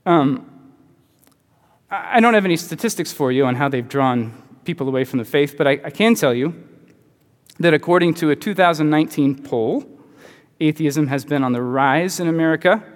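Guy teaching a class, chatty, asks the room questions, voice kinda high, lots of hall echo. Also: normal speed. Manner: conversational, asks the audience rhetorical questions. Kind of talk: conversational lecture to a group. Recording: long hall reverb.

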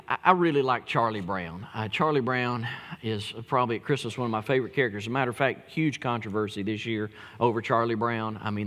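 A man's voice: lowish voice, a bit bright, big-room sound. A man preaching a sermon as pastor, telling folksy jokes and stories with emphatic delivery. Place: church.

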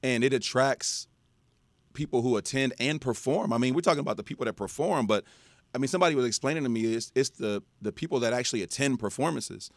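A man co-hosting a sports talk show, hoarse and emphatic in giving his opinion. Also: mid-range voice, quick pace, dry recording. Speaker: co-host. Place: studio.

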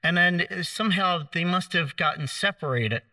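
Male preacher, kinda high voice, dry sound, sits a bit far from the mic, acts out the lines while telling the story. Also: expressive, normal speed, dry recording. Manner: storytelling, acts out quotes, gentle humor. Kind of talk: sermon.

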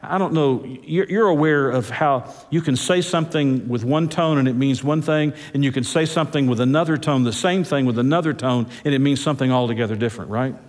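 A man preaching a sermon as pastor, swinging his pitch and drawing words out for emphasis. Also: brisk, hardly any pauses, a little mellow. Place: large church hall. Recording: echoey church hall.

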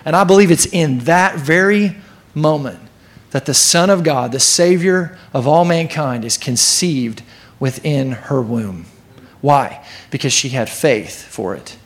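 Man preaching a lively sermon. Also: on the high side, measured pace. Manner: animated preaching, acts out quoted voices. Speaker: pastor.

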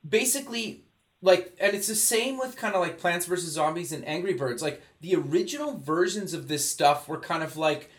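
A man's voice: fairly high pitch, expressive, moderate pace. A man hosting a casual podcast chat, talking loosely with lots of filler words. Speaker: podcast host.

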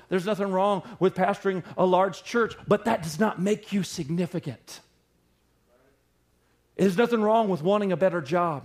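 A man preaching a sermon as pastor, swinging between loud emphatic bursts and quiet low passages.

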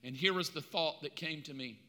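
A man preaching a sermon as pastor, impassioned, swinging between loud preaching and quiet asides. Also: a little high, fairly quick. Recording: long hall reverb.

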